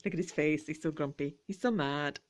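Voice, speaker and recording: A woman chatting gently as she shows her vintage jewellery finds. She talks quietly, often slipping into whispers, with playful asides. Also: low voice, brisk. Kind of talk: relaxed show-and-tell chat.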